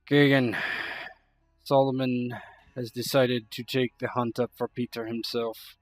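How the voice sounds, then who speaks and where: A man's voice: medium pitch, flat delivery, unhurried, no room sound, faint music behind, lightly acted. A man voicing a cautious, brotherly male camp warrior who speaks in formal, old-fashioned phrasing.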